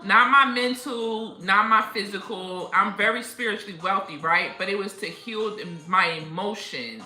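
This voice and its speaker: With a medium-pitched voice at normal speed, a woman runs a spiritual livestream, chatting casually and laughing a lot as she tells stories. She's animated throughout, recorded in an echoey room with faint music behind her.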